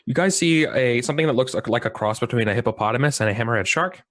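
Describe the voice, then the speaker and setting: A man's voice: mid-range voice, quick pace, fairly bright tone, no room sound, studio quality. A man narrating as game master, loose and rambling with many fillers.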